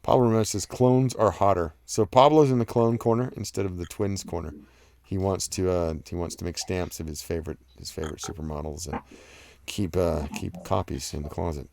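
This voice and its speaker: A man with a low-pitched, steady, slightly fast voice hosts a live stream, reading viewer comments aloud and chatting about them casually and ramblingly, full of fillers and restarts. His voice has vocal fry and is a little mellow, with no room sound.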